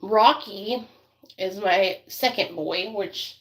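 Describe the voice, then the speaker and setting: A woman's voice: mid-range voice, slow pace, fairly bright tone. A woman vlogging casually while doing her makeup, rambling and chatty with many fillers, and doting on her dog. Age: adult parent.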